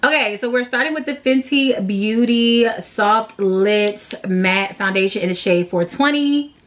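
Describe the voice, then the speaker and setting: A woman's voice: a little high, measured pace, fairly bright tone, slight background noise. A young woman, a beauty vlogger, rambling through a makeup tutorial in a slangy, playful way, laughing and sighing often. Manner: rambling, self-deprecating, laughs and sighs often.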